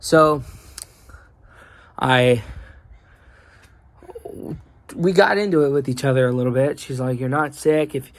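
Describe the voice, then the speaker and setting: A man's voice: mid-range voice, normal speed, dry recording. A young man telling an angry, rambling story in a casual vlog, heavy with swearing and fillers. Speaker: vlogger.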